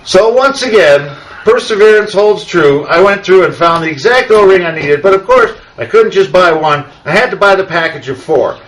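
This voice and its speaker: A male webcast host with a slightly higher-than-usual voice. He chats casually and tells an animated, rambling story while walking through a repair. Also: normal speed, few pauses, low-quality recording. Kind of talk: casual how-to chat and storytelling.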